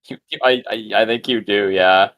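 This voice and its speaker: A man's voice: on the low side, fairly even intonation, moderate pace, fairly bright tone. A man narrating and ruling as game master of a tabletop game, loose and chatty with fillers.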